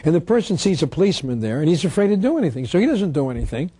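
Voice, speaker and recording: A man's voice: a little high, very animated, rapid-fire, warm tone, slightly rough, no room sound. A man giving an instructional talk, emphatic, asking rhetorical questions and answering them himself. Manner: reads statutes aloud. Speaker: tax protest lecturer.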